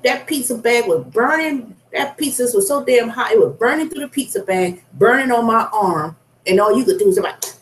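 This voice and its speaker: Blunt ranting woman, roomy echo. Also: on the high side. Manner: blunt, profane, venting. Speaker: food delivery driver. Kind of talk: casual vlog rant.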